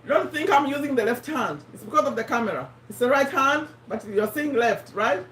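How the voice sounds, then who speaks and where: A woman's voice: high-pitched, animated, fairly quick, a bit bright, slight background noise. Woman, strained voice, roomy distant sound. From Uganda. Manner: chatty, addresses viewers by name, repeats points. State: strained, failing voice. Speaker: live-stream host. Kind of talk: casual live-stream chat.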